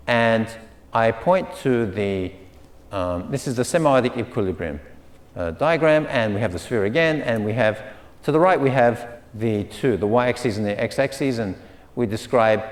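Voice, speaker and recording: Man lecturing slowly in an echoey room. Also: on the low side. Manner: repeats key words, frequent fillers and okays. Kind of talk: academic lecture.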